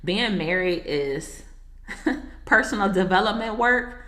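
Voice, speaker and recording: A woman's voice: medium pitch, lively intonation, slow, fairly bright tone. A woman who is a marriage coach and author, a guest telling her personal story in a casual interview, earnest and reflective, with casual asides to the host. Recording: echoey room.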